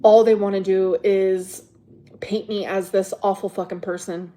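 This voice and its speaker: A woman's voice: medium pitch, little pitch movement, measured pace, mellow, a little hiss or hum. A woman hosting a livestream, exasperated and defensive, swearing freely and hammering viewers with repeated rhetorical questions. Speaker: livestream host. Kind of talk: ranting livestream chat to viewers.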